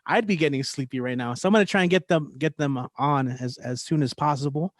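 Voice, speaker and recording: A man hosting an online open mic, chatting in a relaxed, rambling way. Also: a little high, fairly quick, dry recording, studio quality. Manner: relaxed, friendly, rambling with restarts. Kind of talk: casual hosting chat. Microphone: video call.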